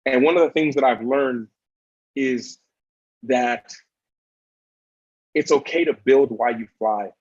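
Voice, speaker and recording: A man's voice: medium pitch, slow pace, pauses often, darkish tone, husky, dry recording. A man in his thirties telling a personal story as a motivational video, earnest and emphatic, repeating key phrases. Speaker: motivational YouTuber. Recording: dry, slightly dull sound.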